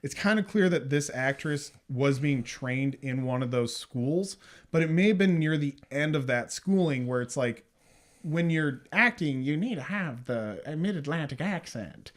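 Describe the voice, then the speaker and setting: Animated man in casual film chat. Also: a little high, unhurried. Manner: animated, acts out movie lines in mock voices. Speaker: film review podcast co-host.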